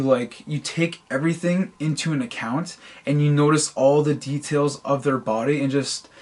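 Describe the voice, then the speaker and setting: A man co-hosting a casual podcast, telling stories and often stammering and repeating his words. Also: medium pitch. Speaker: podcast co-host. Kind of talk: casual storytelling chat.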